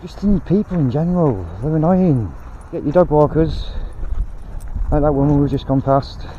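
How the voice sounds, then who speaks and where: A man's voice: fairly high pitch, normal speed, lo-fi sound, slight background noise. Blunt man ranting outdoors. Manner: blunt, swearing, rambling. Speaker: vlogger. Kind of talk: casual rant while walking. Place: outdoors on a canal towpath.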